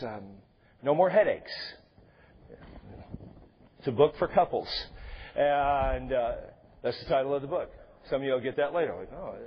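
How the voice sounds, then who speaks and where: A man's voice: mid-range voice, muffled recording, slight background noise. A male pastor preaching a sermon in a conversational way, with joking asides to the congregation. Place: church sanctuary.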